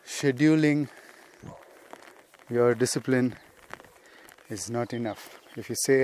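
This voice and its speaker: This spiritual teacher and podcast host talks in a slow, somewhat mellow mid-range voice, with a faint hiss or hum in the recording. He's outdoors on a hillside giving an unscripted lesson, rambling casually and dropping "you see" again and again.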